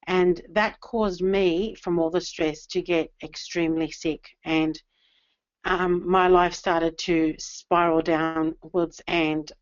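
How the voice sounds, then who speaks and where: A middle-aged woman telling her personal story to an audience, earnest and emotional, with many pauses and ums. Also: on the low side, lo-fi sound. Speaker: business testimonial speaker.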